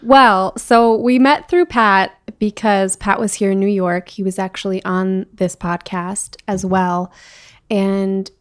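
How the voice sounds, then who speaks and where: A woman hosts a podcast with an upbeat, enthusiastic delivery and laughs easily. Her voice sits at a middle pitch. It is recorded close and dry, with no room echo. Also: fairly even intonation, slow, smooth. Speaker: podcast host. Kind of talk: scripted intro and casual interview. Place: New York.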